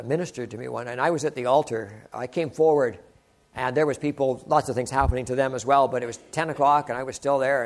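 An older man preaching a sermon, earnest and exclaiming, often asking the listeners rhetorical questions. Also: a little high.

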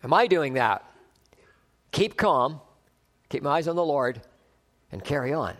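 A man's voice: a little high, lively intonation, unhurried, a bit bright. A man, a pastor, preaching a conversational sermon, acting out little dialogues and chuckling between points.

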